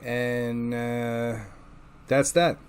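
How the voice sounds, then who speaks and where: A man's voice: mid-range voice, level tone, very slow, a little hiss or hum. A man recaps comic books in a loose, off-the-cuff way. He swears freely and leans on filler words. He acts out bits of the story as he goes. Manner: loose and profane, with filler words and acted-out quotes. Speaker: comic book reviewer. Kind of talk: casual rambling recap.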